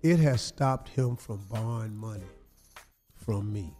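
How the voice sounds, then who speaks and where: A man's voice: on the low side, a little slow, mellow, soft background music. A man on a morning radio show making dry, teasing jokes during casual banter. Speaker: radio co-host.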